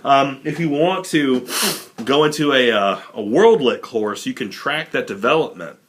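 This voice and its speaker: In a casual recorded college literature lecture, a young adult man speaks in an animated, medium-pitched voice, a little slow, wandering through fillers and asides. A little hiss or hum is audible.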